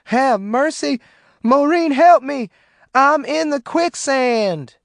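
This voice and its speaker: A man's voice: high voice, big pitch swings, moderate pace, no echo, studio quality, pitched above the performer's own voice. Man doing a snarling brute. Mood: panicked. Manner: snarling, shouting, cruel. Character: brutal, threatening young white Southern man. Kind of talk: audiobook character voice.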